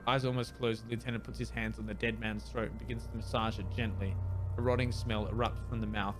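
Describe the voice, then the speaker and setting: A man's voice: medium pitch, flat delivery, music in the background. A man playing through a video game, reading its dialogue aloud and doing amateur voices for the characters. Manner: amateur voice acting, measured reading. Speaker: let's player.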